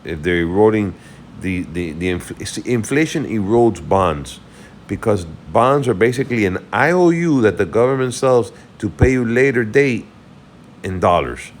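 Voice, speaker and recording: Casting: weary male host, very low voice, loose unscripted market chat, faint hiss. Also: lively intonation, unhurried. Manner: rambling, thinks aloud while checking charts. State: tired, yawning. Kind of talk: casual market recap.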